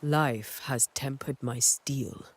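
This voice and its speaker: An actor voicing a stern, resolute ghost hunter who speaks in a grave, measured way. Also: male voice, medium pitch, fairly even intonation, a little hiss or hum, close to an everyday voice. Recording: game audio with music.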